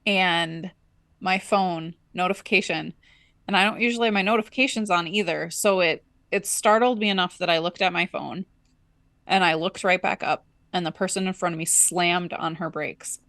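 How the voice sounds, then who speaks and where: A woman's voice: on the low side, moderate pace, dry recording, clean studio sound. A woman co-hosting a podcast, telling a personal story in casual chat and acting out the voices in it. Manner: animated storyteller, acts out her own inner voice and dialogue. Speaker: podcast co-host.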